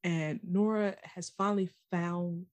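A young adult woman co-hosting a podcast in casual chat, talking loosely with lots of fillers and quick laughs. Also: fairly low pitch, fairly even intonation, a little mellow. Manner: chatty, fillers like "like", laughs easily. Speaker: podcast co-host.

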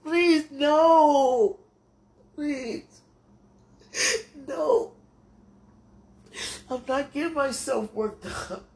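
A woman with a high voice pours out a tearful prayer, pleading with God, her words slow and drawn out. Her voice cracks with crying and now and then sinks to a breathy whisper. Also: darkish tone. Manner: pleading, talking to God aloud. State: tearful, voice breaking. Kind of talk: emotional spoken prayer.

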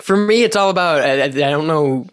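A relaxed man from the United States chats as a podcast guest. His voice is recorded close and dry, with no room sound. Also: a little high, a little fast, clear, resonant tone, dry recording. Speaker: guest co-host. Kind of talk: casual chat.

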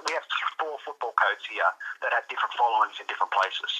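A man's voice: on the low side, quick pace, bright, forceful tone, breathy edge, low-quality recording. An Australian man from New South Wales chatting casually as a podcast co-host, laid-back and prone to stammering repeats. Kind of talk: casual chat.

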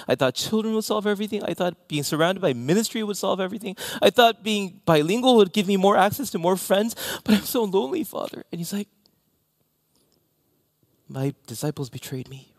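A man preaching a sermon as pastor, animated, with self-deprecating asides and sudden drops to near-whispers. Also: sits high, fairly quick, no echo, studio quality.

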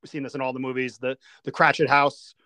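A man's voice: medium pitch, flat delivery, fast talker, bright, forceful tone, no room sound. Casting: man, podcast host, earnest and detailed, dry close sound. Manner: earnest, recounts scenes in detail. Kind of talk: casual chat.

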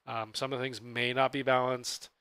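A man co-hosting a podcast, chatting casually about tabletop gaming in a relaxed, explanatory way. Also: mid-range voice, moderate pace, smooth, no echo. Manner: relaxed, explanatory, self-correcting. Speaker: podcast co-host.

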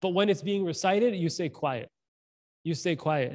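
Man, preacher, casual storytelling sermon, slangy, animated, slightly high voice. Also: measured pace.

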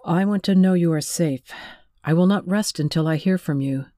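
A narrator voicing a restrained, tender young man who speaks softly and earnestly, holding back tears, in an audiobook reading. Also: on the high side, normal speed, no room sound, studio quality, close to an everyday voice.

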